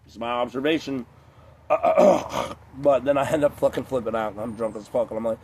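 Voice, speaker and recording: A man talks straight to camera in a loose, rambling rant, swearing freely and wandering off topic. He is a few beers in. His voice sits at an ordinary middle pitch, with faint background noise. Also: normal speed, gravelly, a little mellow. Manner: profane, rambling, digressive. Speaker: vlogger.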